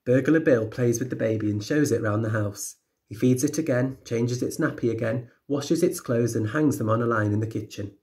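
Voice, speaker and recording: A male teacher reads a children's picture book aloud. His voice sits at a middling pitch, and he tells the story in a steady, clear way. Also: moderate pace.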